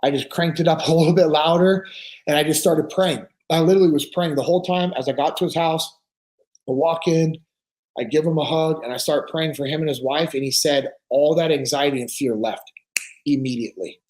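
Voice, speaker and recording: A man's voice: on the high side, fairly quick. A man talking on a podcast, telling stories with earnest conviction and acting out the voices of the people in them. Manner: animated storyteller acting out quoted dialogue. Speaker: podcast speaker. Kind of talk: casual podcast conversation.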